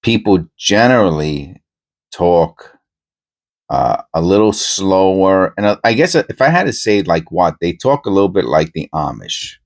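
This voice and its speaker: A middle-aged man with a New York accent softened toward Pennsylvania talk, chatting casually and meandering with many pauses while he searches coin rolls. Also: low-pitched, very animated, creaky. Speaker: coin roll hunting host. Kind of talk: casual rambling chat while searching coins.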